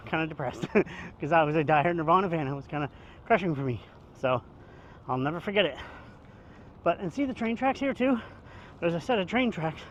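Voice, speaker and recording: A man with a fairly high voice talks into his phone as he walks along the street, rambling and cracking jokes. He sounds a little out of breath from the walk. A faint hum of traffic sits in the background. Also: highs cut off. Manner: rambling, chatty, jokey. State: out of breath from walking. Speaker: vlogger. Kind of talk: casual walking vlog. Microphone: handheld phone camera.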